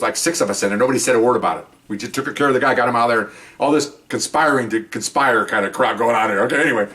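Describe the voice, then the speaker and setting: A middle-aged man telling rambling stories in a casual, animated way, acting out the people he quotes. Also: medium pitch, distant mic. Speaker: podcast host telling police stories. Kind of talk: casual storytelling.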